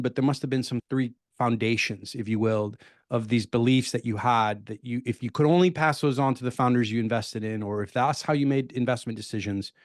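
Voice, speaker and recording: A man's voice: mid-range voice, no echo, studio quality. A man hosting a podcast, building up long, layered questions for his guest. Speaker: podcast host. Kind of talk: interview questions.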